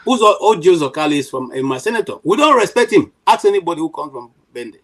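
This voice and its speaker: A middle-aged Nigerian man speaks with a fairly high voice and plenty of fire. He argues his point emphatically on a panel, often restarting his sentences and filling gaps with "you know". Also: very animated, quick pace, a bit bright, low-quality recording. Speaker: panel commentator. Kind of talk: impassioned political commentary.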